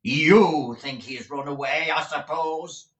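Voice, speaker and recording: Man as a bullying schoolmaster, loud and sneering, bright sharp tone, echoey room. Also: a little high, takes it slowly, recorded from a distance, voice pushed up. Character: blustering cruel male schoolmaster, middle-aged.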